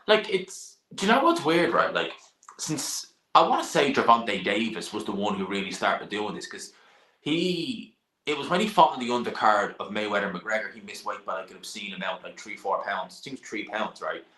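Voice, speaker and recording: A young man chats bluntly on a live stream, answering his viewers as they ask. His voice sits a bit low but comes across bright and forward. The room around him is noticeably echoey. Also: sing-song, normal speed. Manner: chatty, blunt, sighs and laughs, swears now and then. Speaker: live-stream host reading chat. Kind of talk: casual live-stream chat.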